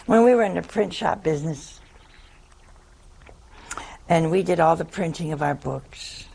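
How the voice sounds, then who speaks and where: An older nun tells a funny story at an unhurried pace, poking fun at herself as she goes. Her voice has a gravelly edge, and faint noise sits beneath it. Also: low voice, lively intonation, dark tone. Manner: chatty, self-mocking anecdotes with laughter. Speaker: nun giving a talk. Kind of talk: humorous storytelling talk.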